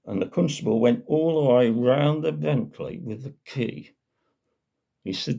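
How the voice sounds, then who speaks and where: A man with a Black Country accent telling a folk tale, lively and chatty with the odd filler. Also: mid-range voice, unhurried, creaky. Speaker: storyteller.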